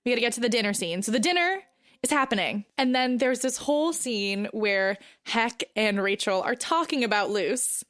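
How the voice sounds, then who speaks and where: A woman's voice: a little high, normal speed. A woman co-hosting a podcast, chatting casually about a film and acting out characters' lines. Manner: animated, slips into quoting characters. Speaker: podcast co-host.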